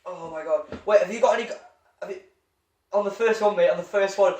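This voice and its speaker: High-voiced excitable guy. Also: fast. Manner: excitable, stammering, repeats himself. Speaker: gamer opening loot crates. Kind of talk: excitable gaming commentary, chatting with a friend.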